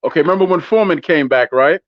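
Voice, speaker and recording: A man's voice: on the high side, fast, no room sound. A man in his fifties co-hosting an interview, friendly and chatty with lots of fillers. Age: 50s. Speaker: co-host. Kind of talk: casual interview talk. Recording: dull lo-fi call audio.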